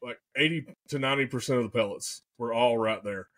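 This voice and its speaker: A man, a podcast guest telling a story in an excitable, animated way and often saying "man" and "dude". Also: medium pitch, fast talker. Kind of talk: casual storytelling.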